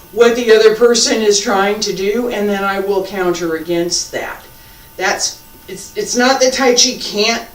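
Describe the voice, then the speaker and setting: A martial arts teacher talks a class through stances at an unhurried, deliberate pace, repeating key points and poking fun at himself. He sounds distant from the microphone, with his voice bouncing around an echoey practice room. His pitch sits in a middle range. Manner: slow, patient, repeats key points, self-deprecating humor. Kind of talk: live instruction with demonstration. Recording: echoey room, mic far off.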